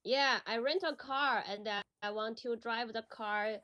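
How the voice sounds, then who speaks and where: A woman's voice: fairly high pitch, unhurried, bright, forceful tone, lo-fi sound. A woman whose first language is Chinese, chatting as a guest and giving short, hesitant answers with frequent laughs. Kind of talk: casual chat.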